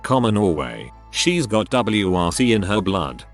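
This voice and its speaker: A man narrates stories sent in by readers. His voice sits low, and his delivery moves up and down with lively intonation. He keeps a steady storytelling rhythm over quiet background music. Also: a little slow. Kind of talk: scripted narration.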